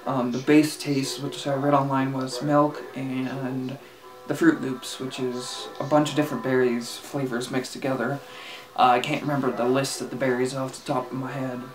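A relaxed home reviewer who rambles through a casual product review, stopping and restarting with plenty of fillers. The voice sits at an ordinary middle pitch, and soft music plays faintly in the background. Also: normal speed. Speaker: e-liquid reviewer.

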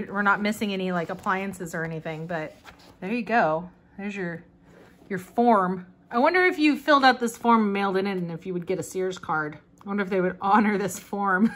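A woman's voice: mid-range voice, a bit bright. Young woman just chatting thru an old catalog, giggly and chatty, easy casual voice. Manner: chatty, amused, often laughing, reads ad copy aloud. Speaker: vlogger flipping through a vintage catalog. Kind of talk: casual chat, reading aloud.

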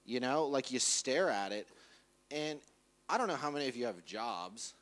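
Casual, animated male preacher. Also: medium pitch, moderate pace. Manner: casual, animated, acts out quoted voices. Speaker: pastor. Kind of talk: conversational sermon. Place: church.

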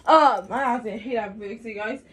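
A woman vlogging to her phone in a giggly, excitable way, calling out to her viewers over and over. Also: on the high side, fairly quick, distant mic. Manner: giggly, excitable, keeps saying "you guys". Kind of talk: casual phone vlog. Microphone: phone set down nearby.

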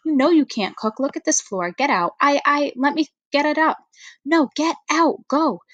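A woman reading a storybook aloud, voicing a bossy older sister with a sharp, scolding manner. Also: sits high, lively intonation, brisk, no echo, muffled recording, pitched above the performer's own voice.

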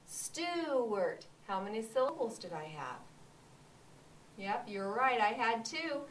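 A woman kindergarten teacher leads children through clapping and counting syllables, giving slow, clear prompts. Her voice sits a little high. The mic is some way off, and a faint hiss runs under her voice. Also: big pitch swings, a bit bright. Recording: distant mic, faint background noise.

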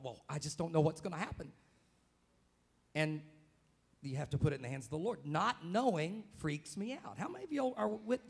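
A man preaching a live church sermon as pastor, dramatic and vocal, acting out scenes with sudden shouts. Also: mid-range voice, vocal fry. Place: church sanctuary, live service.

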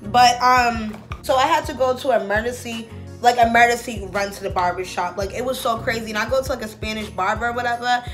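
A sassy, talkative woman chatting to her viewers as she gets ready for a night out. Her voice sits a little high, and she keeps calling them baby and y'all. Soft music plays faintly underneath. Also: fairly even intonation, brisk. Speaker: beauty vlogger. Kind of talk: casual get-ready-with-me chat.

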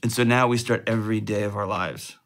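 A man guest in his forties telling animated, playful stories in an interview. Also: fairly low pitch, a little fast. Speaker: guest expert. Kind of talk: storytelling in an interview.

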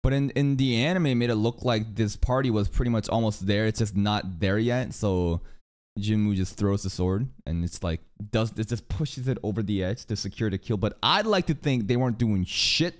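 A man's voice: lowish voice, normal speed. A man streaming a reaction to an anime video, talking casually with lots of swearing and laughter. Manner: animated, swearing, laughs often.

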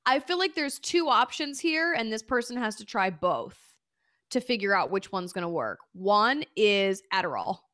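A woman's voice: medium pitch, very animated, moderate pace, fairly bright tone, dry recording, clean studio sound. A woman comedian guesting on a podcast, brash and playful, swearing freely in casual chat.

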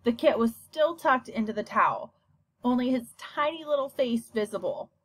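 A woman reading a children's novel aloud as a scripted storybook narration. Her voice is fairly high and very lively in pitch. She reads expressively and evenly. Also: moderate pace, breathy edge, no echo. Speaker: audiobook narrator.

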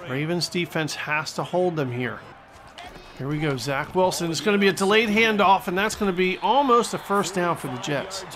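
A man giving excitable play-by-play commentary over a football video game, exclaiming at big plays and mocking the other team. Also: high voice, moderate pace. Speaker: gaming channel host. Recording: stadium crowd noise from the game behind.

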